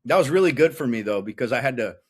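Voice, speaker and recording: A man's voice: mid-range voice, lively intonation, fast talker. A man in his thirties, a podcast guest, telling his story in a blunt, profane, intense way. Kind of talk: casual interview chat.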